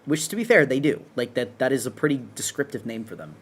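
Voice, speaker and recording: Chatty male streamer, mid pitch. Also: big pitch swings, fast talker, husky. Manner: rambling, chatty, self-correcting. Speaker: streamer and artist. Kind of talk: casual live-stream chat while drawing.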